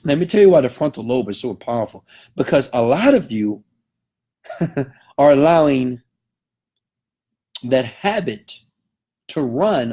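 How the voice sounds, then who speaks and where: Male motivational speaker, husky, emphatic, mid pitch. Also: a little mellow. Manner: emphatic, keeps checking in with okay. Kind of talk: motivational lecture.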